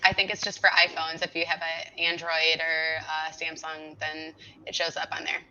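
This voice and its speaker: A woman's voice: low voice, monotone, normal speed. A woman co-hosting a live online show, chatting casually and cheerfully thanking viewers. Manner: upbeat, warmly thanks viewers. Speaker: livestream co-host. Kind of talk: casual live-stream chat. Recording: dull lo-fi stream audio.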